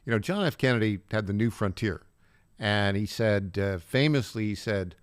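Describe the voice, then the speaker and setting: A man's voice: fairly low pitch, expressive, normal speed, smooth, no echo, clean studio sound. A man co-hosting a talk radio show, laughing along and asking leading questions.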